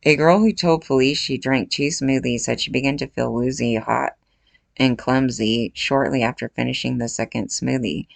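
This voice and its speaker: A gravelly, fry-heavy woman in her forties talks straight to her viewers in a loose, unscripted rant. Her tone is blunt and indignant, with casual swearing, and the sound is close and dry with almost no room around it. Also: extremely low pitch, fairly even intonation, normal speed, no room sound. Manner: blunt, outraged, swears freely. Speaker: true-crime commentary vlogger. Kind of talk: casual reaction commentary.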